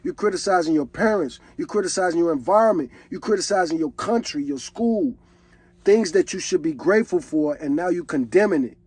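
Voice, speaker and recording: Husky high-voiced man preaching. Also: lively intonation, brisk, darkish tone, no echo. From Chicago. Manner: earnest, preachy, reflective. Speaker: reaction video host. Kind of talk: casual reaction commentary.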